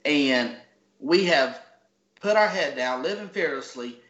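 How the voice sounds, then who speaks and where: An app founder with a Georgia Southern accent guests on a podcast interview, folksy and motivational, often restarting his sentences. His fairly high voice is a bit bright with lively intonation and a slightly slow pace. The audio is echoey, dull and lo-fi.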